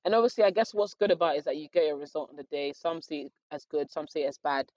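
Young girl doing a storytime vlog, lively slangy telling, dull dry sound. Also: low voice, quick pace, no room sound. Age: young adult. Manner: animated, acts out her own thoughts and others' lines with slangy asides. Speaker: vlogger telling her story. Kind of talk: casual storytime.

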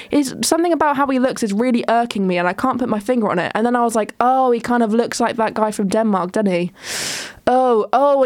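A woman's voice: medium pitch, dry recording. A young woman, hosting a casual solo chat show, rambling with lots of ums and restarts. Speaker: podcast host.

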